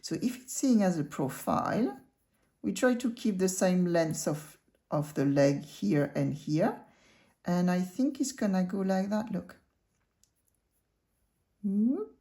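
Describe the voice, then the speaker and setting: A woman's voice: on the low side, big pitch swings, takes it slowly, long pauses, mellow. A woman teaching cartoon drawing in a casual tutorial, chatting the viewer through each stroke.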